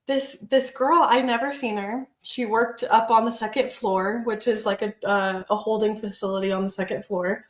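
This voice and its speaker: An animated woman co-hosting a podcast, her voice sitting a little high. She tells a personal story in casual chat, acts out what people said and swears freely. The room around her echoes. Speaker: podcast co-host.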